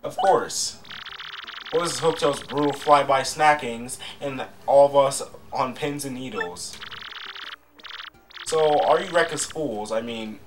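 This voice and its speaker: A man voicing a grumpy old male turtle mayor, loud, cranky and blustering, with game music behind him and the mic a little distant. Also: medium pitch, takes it slowly, lightly acted.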